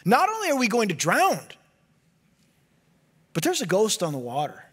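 A man preaching a sermon as pastor, animated and often dropping to a hushed low voice for emphasis. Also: moderate pace, slightly rough.

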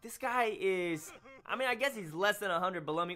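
A young man giving excitable live commentary on his own gameplay as a gaming video host, exclaiming and groaning at each turn. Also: high voice, moderate pace, soft background music. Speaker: gaming YouTuber.

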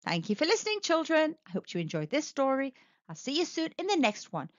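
A woman telling a children's story aloud, with a sing-song, expressive delivery, in a slightly muffled, dry recording. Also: high voice, fairly quick, dry recording. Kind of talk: children's read-aloud narration.

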